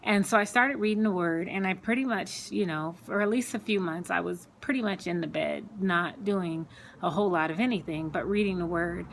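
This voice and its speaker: A woman's voice: lowish voice, moderate pace, vocal fry, slight background noise. Earnest woman sharing her faith story. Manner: earnest, conversational, lots of repeated words and fillers. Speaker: Christian speaker sharing her testimony. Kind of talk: personal faith testimony, unscripted.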